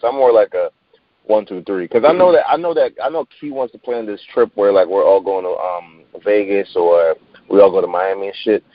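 Laid-back low-voiced man, lo-fi sound. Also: normal speed, dry recording. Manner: laid-back, lots of fillers and repeats, swears freely. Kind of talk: casual chat. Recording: dry, dull lo-fi sound.

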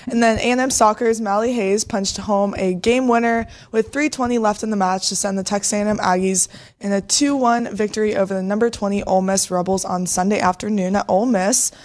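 A woman co-host reading sports news items on a radio show in a steady voice. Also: medium pitch, brisk. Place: radio studio.

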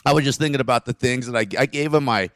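A man's voice: medium pitch, fairly even intonation, fast talker, a bit bright, dry recording, studio quality. A grieving middle-aged man telling stories in casual conversation, rambling with frequent restarts and short laughs.

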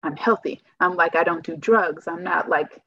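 A woman's voice: fairly low pitch, normal speed, a bit bright, husky, no echo. A young woman talking through her own experience in a casual, chatty interview. She keeps acting out her own reactions as she tells it. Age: young adult. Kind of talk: casual personal storytelling. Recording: dull lo-fi dry recording.

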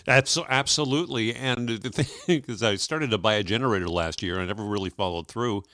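A man co-hosting a morning radio show, chatting casually, laughing easily and filling pauses with "uh". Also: on the low side, sharp tone, dry recording, clean studio sound. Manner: chatty, laughs often, lots of uh fillers. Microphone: studio mic.

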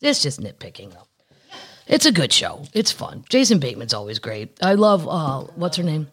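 A woman from Missouri hosts a laid-back podcast, reading odd news items and riffing on them with plenty of jokes. Her voice sits a little low and swings widely in pitch as she talks. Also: sing-song, normal speed. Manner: chatty, joking, reads news aloud. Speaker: podcast host. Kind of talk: casual podcast chat.

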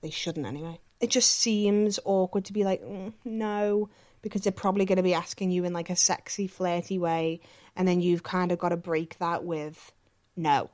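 Frank, sweary woman with a low voice. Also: steady tone, normal speed, darkish tone. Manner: frank and sweary, many fillers like "like" and "um". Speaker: podcast co-host reading listener questions. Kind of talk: casual chat.

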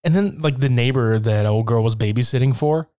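A man in casual chat, recapping a horror film with lots of swearing and laughter, acting out lines in quick impressions. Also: medium pitch, warm tone, clear, resonant tone. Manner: profane, laughing, acts out scenes in quick impressions. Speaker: podcast co-host recapping a film.

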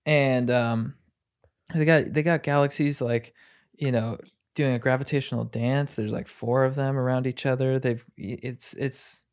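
A man's voice: mid-range voice, fairly even intonation, measured pace, clean tone. A man chatting on a casual podcast, enthusiastic and rambling, often restarting sentences.

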